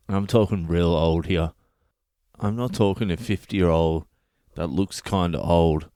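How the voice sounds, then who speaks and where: A man's voice: sits low, a little slow, warm tone, smooth, dry recording, clean studio sound. Swearing Australian man telling a story. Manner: swears constantly, acts out his own lines. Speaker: comedian and podcast host. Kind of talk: profane comic storytelling.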